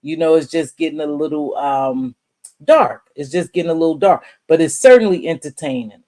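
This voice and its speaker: A woman's voice: sits low, a little fast, mellow. A woman hosting a live stream, giving casual commentary in a blunt, profane, chatty way and greeting viewers by name.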